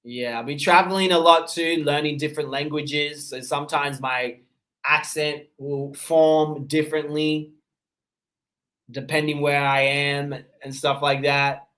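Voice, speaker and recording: A man with an Australian accent tinged by his parents' Seychellois English, hosting a casual livestream, chatting and answering viewer comments in a relaxed way with easy laughs. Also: on the high side, measured pace. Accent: Australian, mixed with his parents' Seychellois English. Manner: relaxed and conversational, with easy laughs and frequent fillers. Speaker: livestream host.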